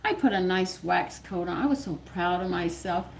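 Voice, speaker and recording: An older woman with a Southern US accent, a cooking channel host, telling a home story in casual, animated talk and laughing often. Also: on the low side, normal speed, creaky, a little hiss or hum. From American South. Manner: animated, laughs often, swings loud and quiet.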